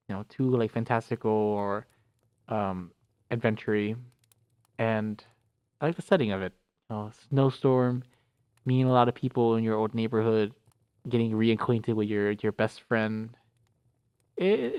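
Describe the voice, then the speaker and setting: A man's voice: mid-range voice, a little mellow, dry recording. A man casually reading a visual novel aloud and chatting about it, rambling with many fillers. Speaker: visual novel reader and streamer. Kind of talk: casual game read-through commentary.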